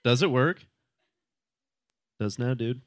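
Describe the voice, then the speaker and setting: A man's voice: mid-range voice, takes it slowly. A young man performing a stand-up comedy set on a club stage, laid-back and rambling, talking with the crowd between jokes.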